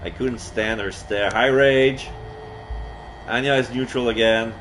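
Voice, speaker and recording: A man streaming a solo roleplay game, narrating in first person and breaking off with excited, swearing outbursts. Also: lowish voice, moderate pace, a little hiss or hum.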